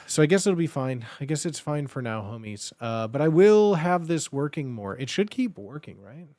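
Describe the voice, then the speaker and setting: A man's voice: on the high side, animated, moderate pace, darkish tone, dry recording, clean studio sound. A man hosting a live stream, chatting casually and muttering to himself as he fiddles with his setup, laughing often.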